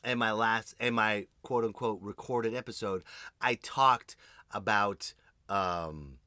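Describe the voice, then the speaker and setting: A man hosting a podcast, delivering an animated comedic monologue, swearing freely and talking straight to his listeners. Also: lowish voice, takes it slowly, no room sound. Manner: addresses listeners directly. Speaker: podcast host.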